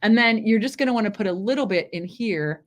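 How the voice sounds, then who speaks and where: A woman's voice: mid-range voice, animated, brisk. A woman giving a chatty live makeup demonstration, often checking in with her viewers. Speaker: makeup presenter on a live stream.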